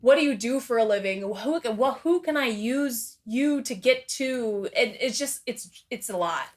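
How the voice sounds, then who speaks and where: A woman's voice: fairly high pitch, lively intonation, a little slow. A woman speaking as a guest in a casual interview, rambling and candid, swearing freely and laughing often between her thoughts.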